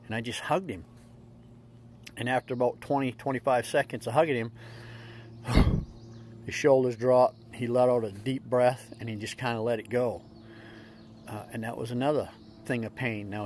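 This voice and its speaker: A man's voice: mid-range voice, a little hiss or hum. A middle-aged man hosting a casual motivational vlog, telling stories in a plainspoken, folksy way. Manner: plainspoken storytelling with folksy slips. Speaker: vlog host.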